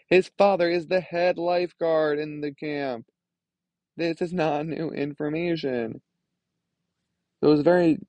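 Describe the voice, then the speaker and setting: Gravelly young man ranting on a podcast. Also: mid-range voice, darkish tone, no echo. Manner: ranting, frustrated, many "like" fillers. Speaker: podcast host. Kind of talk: casual solo podcast monologue.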